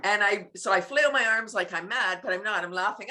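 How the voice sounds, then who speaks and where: A woman, a laughter yoga teacher, talking as an interview guest in an animated way, laughing often and making playful sound effects. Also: mid-range voice, fairly quick.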